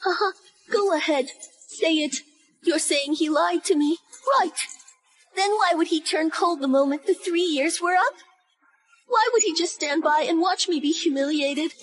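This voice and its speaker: An actress playing a proud, spoiled young noblewoman in an animated drama, talking in a shrill, pleading, emotional way. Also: measured pace, pauses often. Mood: devastated.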